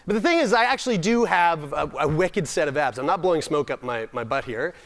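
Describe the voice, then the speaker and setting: A man's voice: a little high, lively intonation, a little fast, fairly bright tone. A young man from Nova Scotia giving a humorous personal storytelling talk at a summit, self-deprecating with comic timing and frequent restarts. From Nova Scotia, Canada. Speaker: summit speaker.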